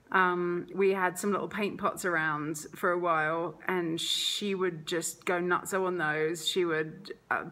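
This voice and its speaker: A woman's voice: fairly low pitch, fairly bright tone. A woman talking casually as a mother in a home vlog, chatty and rambling with lots of "like" and "um". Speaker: mother vlogger.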